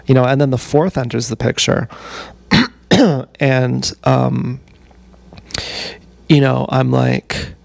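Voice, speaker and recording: Gravelly-voiced man rambling on a livestream. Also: medium pitch, dry recording. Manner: meandering, halting storytelling with many fillers. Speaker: streamer.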